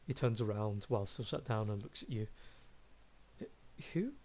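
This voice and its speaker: A man's voice: fairly low pitch, quick pace, a little mellow. A man narrating a tabletop game as game master, in a casual, descriptive way. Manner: casual, descriptive, laughs often.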